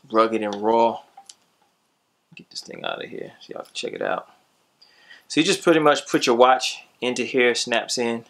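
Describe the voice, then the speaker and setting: A man casually reviewing a gadget for his vlog, talking to viewers in a laid-back, slangy way and signing off in a louder, upbeat tone. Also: mid-range voice.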